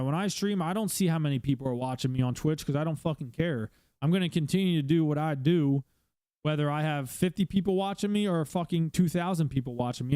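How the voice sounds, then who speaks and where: Guy streamer talking at home, kinda high voice, clean dry sound, swears a ton, lots of um and like. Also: a little mellow, clear, resonant tone, dry recording. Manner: blunt, heavy swearing, many fillers. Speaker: streamer hosting a podcast. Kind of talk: casual advice talk. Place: home room with his dog.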